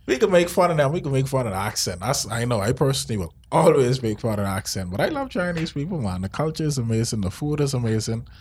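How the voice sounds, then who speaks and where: A man's voice: medium pitch, sing-song, fast, few pauses, darkish tone, slight background noise. A man co-hosting a podcast, in casual joking chat with a rambling, laid-back manner. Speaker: podcast co-host.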